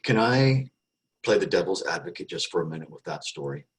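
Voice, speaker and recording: A man with a very low, deep voice hosts an interview. He asks his questions loosely and conversationally. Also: animated, a little fast, rough recording. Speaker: interview host.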